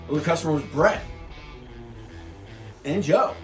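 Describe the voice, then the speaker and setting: A man telling a personal story in a laid-back way, often dropping to a quiet, calm voice. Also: on the high side, unhurried. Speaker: host. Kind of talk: storytelling monologue. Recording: roomy echo with faint guitar music.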